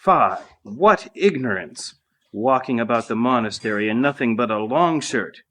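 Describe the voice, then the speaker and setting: A man's voice: medium pitch, big pitch swings, bright, forceful tone, a little hiss or hum, heavily acted. Proud rich landowner lady, sneering and aloof, done by a man reading a story. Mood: contemptuous. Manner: haughty, drawn-out questioning. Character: haughty rich noblewoman landowner, contemptuous.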